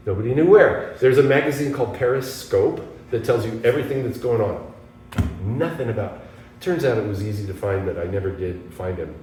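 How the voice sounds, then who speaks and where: A man from the United States, a guest guitarist, telling animated stories in an interview and acting out the voices of people he quotes. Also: fairly low pitch, a little fast. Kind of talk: storytelling interview. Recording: echoey room from a distance, faint background noise.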